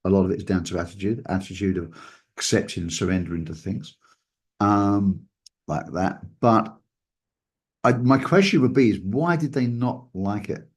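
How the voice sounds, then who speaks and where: A man's voice: lowish voice, moderate pace, breathy edge. A man who coaches mindfulness and hypnotherapy, talking reflectively and often repeating words. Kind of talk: casual conversation.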